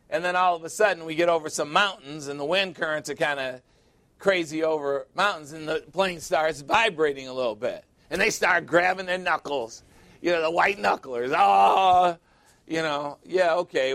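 High-voiced man preaching a joking sermon. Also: normal speed, pushed and bright. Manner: conversational and joking, with emphatic asides.

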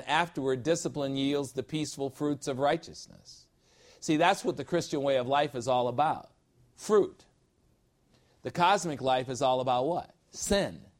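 A man teaching a sermon-style Bible lesson, reading scripture slowly and adding emphatic, jokey asides. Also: mid-range voice.

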